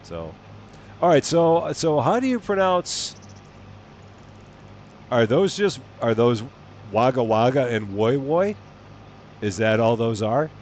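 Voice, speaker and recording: A man's voice: mid-range voice, lively intonation, slow pace, long pauses, darkish tone, a little hiss or hum. A man with a chatty, amused manner, chatting casually with his live-stream audience and laughing often. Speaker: game streamer reading chat.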